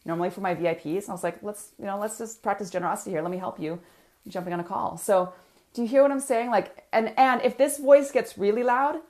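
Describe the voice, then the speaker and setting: A woman's voice: medium pitch, fast talker, darkish tone. A woman business coach, talking energetically to viewers in a live coaching session and reading out their comments.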